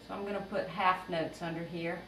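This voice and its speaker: A woman's voice: on the low side, fairly even intonation, brisk. Patient woman teaching music rhythm. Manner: patient, step-by-step explaining. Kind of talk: music theory lesson. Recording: roomy, distant, noisy home recording.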